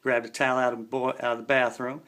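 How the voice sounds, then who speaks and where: A man's voice: medium pitch, level tone, quick pace, fairly bright tone. A man in his forties telling a story in a laid-back, slangy way. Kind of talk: casual spoken storytelling.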